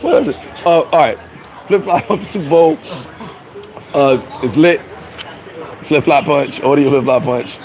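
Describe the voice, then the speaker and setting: A man's voice: a little high, slow pace, long pauses, a little mellow, rough recording. A man chatting casually on a live stream, reading comments aloud in a loose, rambling way, swearing and laughing at himself. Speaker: vlogger reading live chat.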